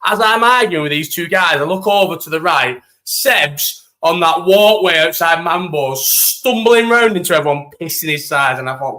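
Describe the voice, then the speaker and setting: Young guy on a live chat, bright voice, sweary and animated, a bit high. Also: moderate pace, few pauses. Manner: animated storytelling, heavy swearing, slang. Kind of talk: casual live-stream chat.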